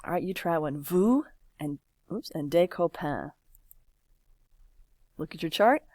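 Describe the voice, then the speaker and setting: A woman's voice: fairly low pitch, lively intonation, a little mellow, no room sound, studio quality. A woman teaching a French lesson, patiently walking a class through examples while typing and encouraging answers. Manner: patient, encouraging, slow and drawn-out.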